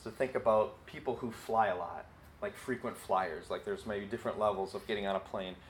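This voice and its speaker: A man's voice: lowish voice, brisk, low-quality recording. Man giving a casual sermon. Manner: conversational, with many fillers and acted quotes. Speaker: Bible teacher.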